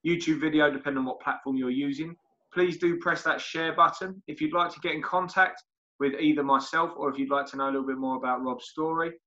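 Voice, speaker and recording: This podcast host's voice is a little high and sharp-toned, fairly even in intonation and quick in pace. He chats casually with a guest, using ums and uhs, and signs off in a friendly way, all captured in dull lo-fi audio.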